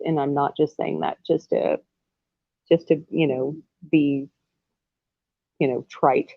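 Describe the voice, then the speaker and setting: A woman's voice: sits low, creaky, dry recording. A woman hosting a casual livestream from home, rambling and effusive, often breaking into laughter. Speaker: livestream host. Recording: tinny phone-like sound.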